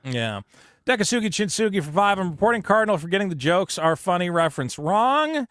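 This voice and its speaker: A man co-hosting a casual comedy podcast, reading super chats aloud and telling stories loudly with put-on panicked voices. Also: high-pitched, fairly quick, dry recording, studio quality. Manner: loud, animated storytelling with put-on panicked voices.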